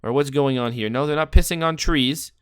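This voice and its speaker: A man's voice: mid-range voice, a little fast, clean tone, dry recording, studio quality. A man giving casual, rambling commentary while playing a guessing game, joking and thinking aloud. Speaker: gameplay commentator.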